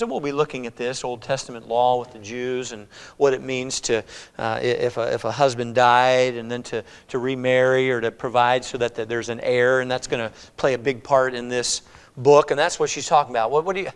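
A man's voice: medium pitch, steady tone, a little fast, clean tone. A male preacher teaching through a Bible passage in a conversational way, voicing the characters' lines as he reads. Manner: conversational, acts out the characters' words. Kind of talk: expository Bible-study sermon. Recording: long reverb of a church hall.

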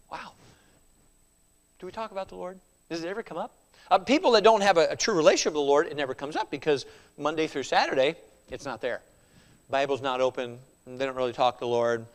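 A man's voice: high voice, animated, fast talker, a bit bright, in a large hall. A man preaching a sermon in a conversational way, chuckling often and tossing in rhetorical asides.

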